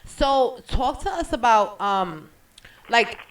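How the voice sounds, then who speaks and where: Animated slangy radio host, slightly off-mic. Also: mid-range voice, slow, recorded from a distance, low-quality recording. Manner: animated, loose storytelling with slang. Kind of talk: casual radio interview chat.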